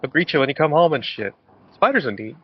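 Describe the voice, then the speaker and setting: A man in a casual voice chat, telling animated stories, swearing casually and acting out quotes. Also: fairly high pitch, fast talker, husky, dry recording. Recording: dull lo-fi online audio.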